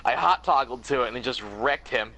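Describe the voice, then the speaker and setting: A man chatting excitedly on a gaming stream who laughs a lot while he plays. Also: medium pitch, brisk, a little hiss or hum, rough recording. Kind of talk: casual gaming stream chat.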